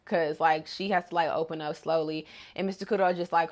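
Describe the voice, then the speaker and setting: A woman casually recapping a cartoon episode, animated and slangy, who reacts loudly to the story. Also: sits low, brisk, few pauses. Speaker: video host.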